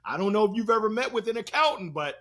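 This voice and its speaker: A man telling stories as a guest on an interview show, in a playful, slangy, animated way. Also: high-pitched, fast. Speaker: guest, sales speaker. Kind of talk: energetic interview storytelling.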